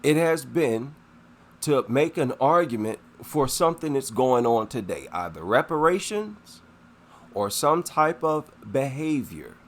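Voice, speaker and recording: Slow, sweeping scornful male commentator. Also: medium pitch, very animated. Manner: indignant, scornful; emphatic, repeats himself for effect. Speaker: commentator reacting to a clip. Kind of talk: reaction commentary.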